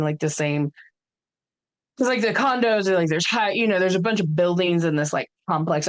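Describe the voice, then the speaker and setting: A woman in her thirties with a somewhat low voice talks casually on a podcast. She rambles and restarts often, with plenty of fillers. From United States. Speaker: podcast co-host. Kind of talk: casual chat.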